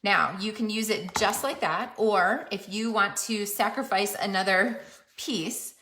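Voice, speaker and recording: A woman's voice: medium pitch, measured pace, bright, forceful tone. A woman demonstrating card making, chatting casually as she works. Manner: chatty, self-narrating while working. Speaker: papercraft demonstrator. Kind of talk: crafting tutorial narration.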